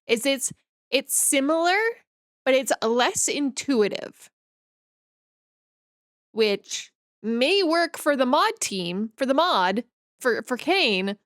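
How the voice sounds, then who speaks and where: Slow, unhurried woman streamer chatting. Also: fairly high pitch, fairly bright tone, dry recording, studio quality. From northern Canada. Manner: rambling, easygoing, reads and answers chat. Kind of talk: casual chat with viewers.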